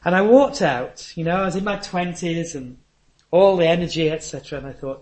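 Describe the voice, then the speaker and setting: A man's voice: fairly high pitch, fairly quick, darkish tone. An older man, preaching a sermon with earnest, anecdotal storytelling.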